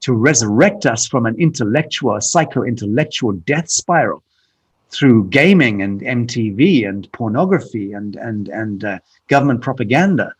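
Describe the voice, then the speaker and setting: Animated and with a breathy edge to his mid-range voice, this podcast guest speaks at a normal speed in a frank interview. He is blunt, forceful and occasionally profane, frequently restarting and repeating himself.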